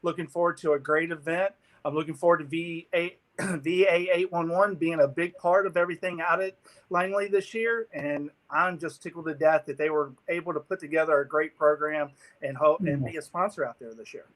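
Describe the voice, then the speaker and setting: A man, a guest on a talk show, telling an animated story and acting out the people in it. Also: fairly high pitch, brisk. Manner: lively, laughing, acts out the people in his story. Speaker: guest sponsor representative.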